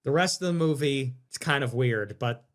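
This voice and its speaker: A man's voice: mid-range voice, moderate pace. A young man hosting a livestream, reacting to chat in a crude, sarcastic, ranting way. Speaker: livestream host.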